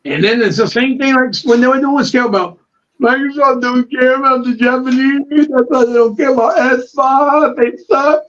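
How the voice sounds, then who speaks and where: A man's voice: very high voice, steady tone, moderate pace, a bit bright, lo-fi sound. A man co-hosting a podcast, ranting heatedly with a lot of profanity in casual talk. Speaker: podcast co-host.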